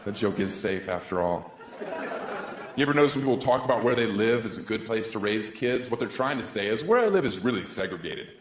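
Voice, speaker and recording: A man in his thirties performing a stand-up comedy set on stage with a handheld mic, sarcastic, with deadpan asides. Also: fairly low pitch, a little fast. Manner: sarcastic, deadpan asides, swoops into silly voices. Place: comedy stage before a live audience. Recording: echoey room, crowd laughter, background noise.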